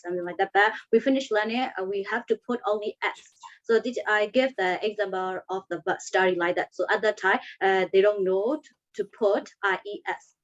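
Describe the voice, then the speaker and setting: A teacher trainee gives a halting answer in an online class over a video call, breaking off and using fillers. The call audio sounds dull and lo-fi. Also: female voice, medium pitch.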